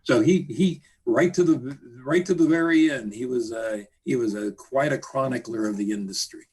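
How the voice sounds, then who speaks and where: A man, a guest journalist, reminiscing in a halting way with many fillers. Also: medium pitch, darkish tone. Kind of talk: casual interview chat.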